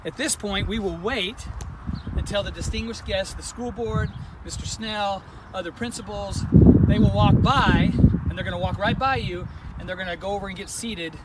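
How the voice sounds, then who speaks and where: A man's voice: high voice, normal speed. A man who works at a school, walking outdoors while giving chatty step-by-step directions, a little out of breath, with many fillers. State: slightly out of breath. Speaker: school administrator. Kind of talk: walkthrough video instructions. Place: outdoors at a school sports field. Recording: noisy outdoor phone recording.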